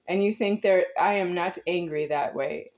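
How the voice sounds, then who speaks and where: A woman's voice: on the low side, moderate pace, darkish tone. A woman in her forties giving a rambling, confrontational spiritual monologue to her viewers, repeating herself intensely. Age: 40s. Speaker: vlogger.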